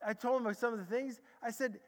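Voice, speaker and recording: A man preaching a sermon as a pastor, telling stories with sudden loud bursts and hushed, quiet stretches. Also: extremely high pitch, fairly quick. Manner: animated storytelling, swinging from loud bursts to hushed tones. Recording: long hall reverb.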